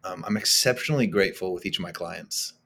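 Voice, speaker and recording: A man with a very low voice talks as a podcast guest. He speaks casually and with emphasis and often stumbles and repeats words as he gets going. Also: fast, creaky, a little hiss or hum. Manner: animated, emphatic, repeats words when starting thoughts. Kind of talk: casual conversational interview.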